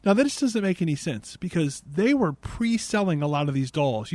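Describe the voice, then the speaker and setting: A man's voice: a little high, expressive, normal speed, hardly any pauses, darkish tone, dry recording. A man hosting a podcast, giving a casual, sarcastic and exasperated movie recap. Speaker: podcast host.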